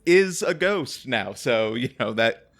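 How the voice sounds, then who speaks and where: A man's voice: mid-range voice, sing-song, slow, fairly bright tone. A man hosting a comedy podcast in casual chat, laughing often and joking at his own expense. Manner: laughs often, self-deprecating. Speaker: podcast host.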